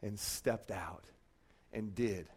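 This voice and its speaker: A man preaching a sermon as pastor, swinging between loud declarations and hushed, quiet asides. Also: lowish voice, slow, husky.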